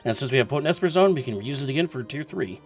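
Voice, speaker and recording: A man commentating a video game match in a relaxed, chatty way. He walks through the strategy step by step and laughs easily. Faint music plays underneath. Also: mid-range voice, rapid-fire. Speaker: esports commentator.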